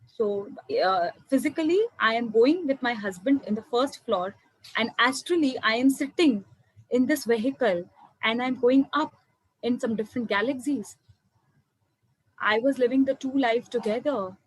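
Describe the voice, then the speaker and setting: A woman tells her listeners about a personal spiritual experience. Her voice sits a little high for a woman, and it sounds emotional and earnest as she keeps calling her listeners friends. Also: normal speed, slightly rough, rough recording. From India. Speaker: meditation speaker. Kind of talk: personal testimony to an online audience.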